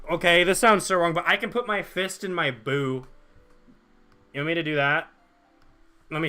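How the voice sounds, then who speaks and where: A man's voice: fairly high pitch, sharp tone, smooth. A young man streaming a game, chatting casually and jokingly with his viewers while reading their chat aloud.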